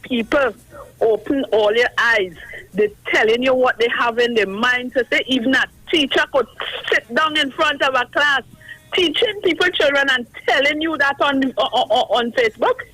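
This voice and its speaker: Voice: high voice, normal speed, pushed and bright, dry recording, poor audio. An indignant caller with a Trinidadian accent on a radio call-in line, urging people to speak out. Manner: indignant, challenging, urgent.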